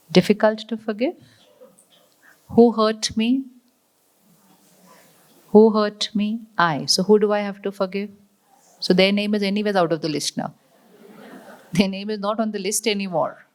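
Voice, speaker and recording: Woman giving a motivational talk. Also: medium pitch. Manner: repeats lines, asks the audience questions, slows for emphasis. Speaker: spiritual teacher.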